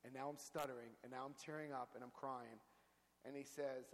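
A man speaking to a recovery group, telling his own story with lively acted-out quotes. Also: medium pitch, normal speed, long reverb tail, rough recording. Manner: storytelling, acts out quotes with big voice jumps. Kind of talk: animated personal talk to a group.

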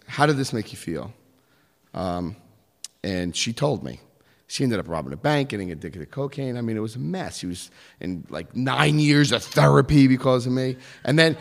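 A man telling a personal story in an animated way, acting out the voices of others. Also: mid-range voice, gravelly, in a large hall.

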